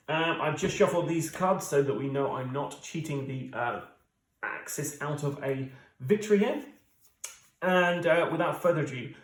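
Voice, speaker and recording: A man's voice: a little high, reverberant, rough recording. A British man in his thirties hosting a solo board game playthrough, chatting casually to viewers with many fillers. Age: 30s. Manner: chatty, lots of fillers, talks straight to viewers. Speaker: board game channel host.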